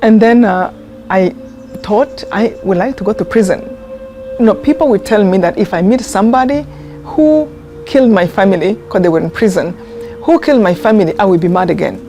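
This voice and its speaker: A woman speaks in a mellow, warm voice, telling her story in an earnest, heartfelt way. She pauses and restarts as she searches for words, and soft music plays faintly behind her. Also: medium pitch. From Rwanda. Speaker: interviewee, genocide survivor. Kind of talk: personal testimony in a documentary interview.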